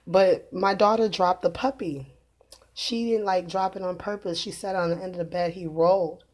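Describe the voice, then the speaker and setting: A woman talks to her channel's viewers in a loose, rambling testimony. She laughs often and fills her pauses with ums. Her voice sits slightly low for a woman. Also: fairly even intonation, a little mellow. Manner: rambling, earnest, laughs often, many fillers. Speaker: religious video host. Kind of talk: casual spoken testimony to camera.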